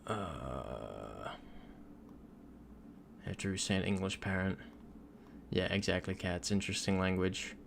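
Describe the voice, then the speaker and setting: Young man, from Florida, low gravelly voice, casual stream chat, reads comments aloud, faint background hiss. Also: takes it slowly, long pauses. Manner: chatty, reads viewer comments aloud, laughs often. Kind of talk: casual livestream chat while gaming.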